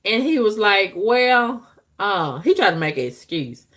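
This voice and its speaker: A woman talking frankly to her viewers in a casual, profane monologue, breaking into loud squealing outbursts. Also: mid-range voice, very animated, normal speed. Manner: frank, profane, conversational drawl.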